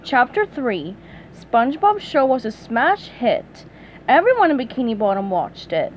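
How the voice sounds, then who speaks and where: A woman reads a children's storybook aloud in a high voice. Her expressive storytelling swings freely up and down, with a faint hiss under it. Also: measured pace, low-quality recording. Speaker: storybook reader.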